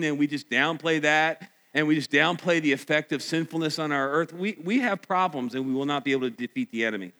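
Male preacher, emphatic sermon delivery, fairly high voice, reverberant hall. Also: quick pace, hardly any pauses. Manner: emphatic, rising to near shouts. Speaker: pastor. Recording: echoey hall.

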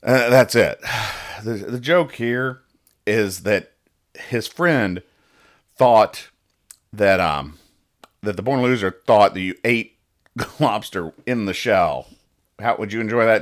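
A man's voice: lowish voice, unhurried, pauses often. A young adult man hosting a casual podcast where he reads comic strips aloud, rambling and stumbling over his words as he explains each joke. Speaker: podcast host.

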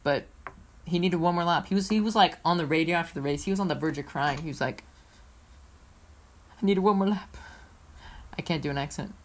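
A woman with a fairly low voice co-hosts a laid-back racing podcast. She talks in an excitable, playful ramble, full of restarts and asides. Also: fast. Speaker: co-host. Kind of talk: casual motorsport podcast chat.

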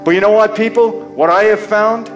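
A man giving an impassioned faith testimony on stage, addressing the audience directly as "people" with dramatic pauses. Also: high-pitched, fairly even intonation, music in the background.

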